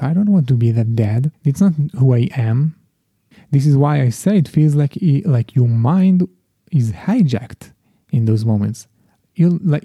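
A man's voice: mid-range voice, warm tone, slightly rough, no echo. A middle-aged man hosting a solo parenting podcast, talking in a reflective, confessional way with frequent restarts. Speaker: podcast host.

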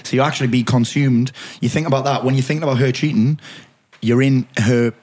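A man talking as a podcast guest in casual chat, blunt and emphatic, swearing freely, with a husky voice. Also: medium pitch, steady tone, fairly quick, darkish tone.

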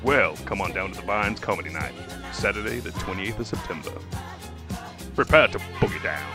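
A man's voice: deep voice, moderate pace, close to an everyday voice. A man putting on an exaggerated, hammy announcer voice for a homemade comedy night promo. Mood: hyped. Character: over-the-top male comedy night announcer. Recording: music bed behind.

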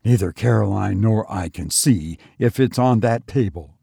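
A man with a husky voice reading the lines of a sharp middle-aged woman in a storybook, in slow, even tones. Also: lowish voice, no room sound, studio quality, full character voice.

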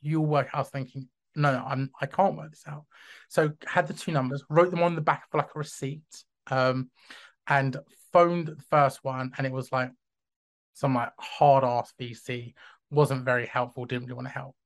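A man hosting a podcast, telling a story in a casual, animated way, often restarting his sentences and acting out dialogue. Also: mid-range voice, normal speed. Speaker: podcast host.

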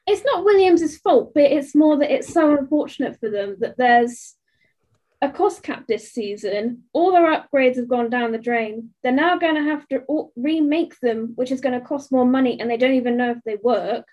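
High-voiced woman chatting on a podcast. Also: normal speed, a little mellow. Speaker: podcast co-host. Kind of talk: casual chat.

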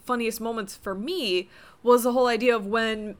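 A woman's voice: a little high, steady tone, normal speed. A woman co-hosting a casual movie podcast. She sounds cheerful and laughs easily as she trades opinions with her co-host. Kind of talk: casual movie review chat.

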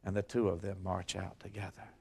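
This man's voice sits low and sounds creaky and husky as he moves at a fairly quick clip. He's giving a history lecture, retelling an ancient tale with drama and expression and acting out each quote in storytelling fashion.

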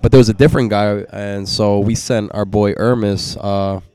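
A young man with a New York accent, low in pitch and smooth and clear in tone. He tells his story in casual podcast talk, animated, cursing freely and acting out the dialogue. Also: normal speed, no room sound. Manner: animated, acts out quoted dialogue, swears freely. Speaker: podcast guest.

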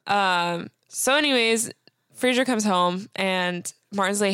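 A woman's voice: medium pitch, takes it slowly, a bit bright, clean tone, no echo, studio quality. A young woman co-hosting a podcast, casually recapping a sitcom episode and laughing often as she retells scenes. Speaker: podcast co-host.

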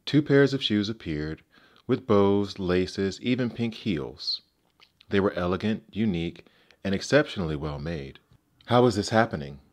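A man reads fairy tales aloud in a measured, gentle storybook narration. His voice is notably deep, and he keeps an even, unhurried telling.

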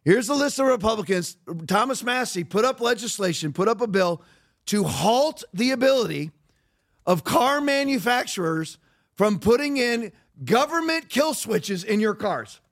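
A man's voice: high voice, animated, normal speed, fairly bright tone. A man hosting a podcast, giving heated, emphatic political commentary. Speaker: podcast host.

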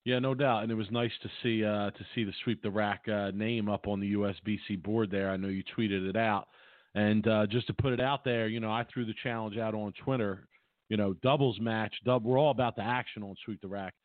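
A man's voice: lowish voice, steady tone, brisk, dry recording. A man co-hosting a podcast in laid-back casual chat. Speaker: podcast co-host. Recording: tinny phone-like line, dry.

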